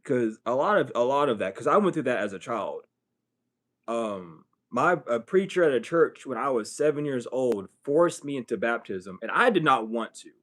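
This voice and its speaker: A man's voice: medium pitch, animated, moderate pace, a bit bright. A young man hosting a late-night livestream, talking bluntly and profanely in a casual monologue that rises into heated outbursts. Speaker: livestream host.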